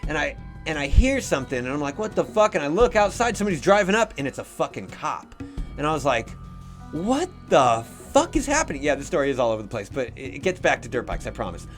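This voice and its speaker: A man's voice: a little high, fast, faint music behind. Profane rambling man telling a story. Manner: profane, rambling, animated when shouting quotes. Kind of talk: casual storytelling.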